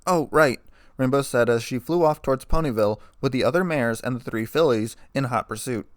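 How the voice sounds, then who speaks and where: A man reading a fan fiction story aloud in a plain, steady narrating voice. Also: mid-range voice, a little fast, no echo, clean studio sound.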